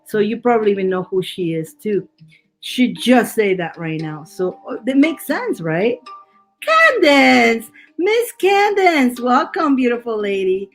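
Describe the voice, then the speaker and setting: A woman's voice: a little high, very animated, measured pace, faint music behind, low-quality recording. A woman giving a live tarot reading, chatty with her viewers and laughing often, her voice worn from laughing. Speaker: tarot reader.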